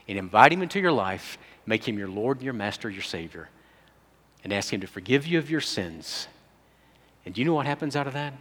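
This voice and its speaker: A man's voice: medium pitch, a bit bright. A man preaching a sermon as pastor, speaking conversationally and putting direct questions to his congregation. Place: church sanctuary. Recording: long reverb of a church hall.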